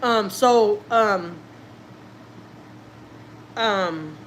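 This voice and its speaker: Drawing out her words, a Houston, Texas family vlogger tells a casual personal story, quoting people in their own voices and repeating herself often. Her voice is mid-range, and a little hiss or hum is audible.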